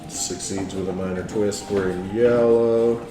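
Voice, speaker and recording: A man with a fairly low voice runs a tabletop game in a loose, playful way. His narration is casual and easygoing. The room is echoey, with faint music behind. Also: steady tone, measured pace. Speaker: game master. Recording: roomy echo, faint music.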